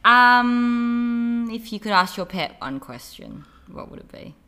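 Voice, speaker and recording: Bright, lively woman co-host. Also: a little high, slow, faint music behind. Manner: playful, laughs easily, animated. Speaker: podcast co-host asking questions. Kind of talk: casual podcast chat.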